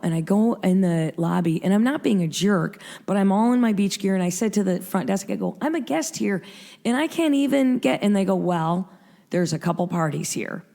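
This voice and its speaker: Radio host guest, woman in her 50s, a bit low-pitched, rattles off a story fast and animated, acts out the quotes. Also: gravelly. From Michigan, USA. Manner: rapid, breathless storytelling with acted-out quotes. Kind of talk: animated anecdote telling.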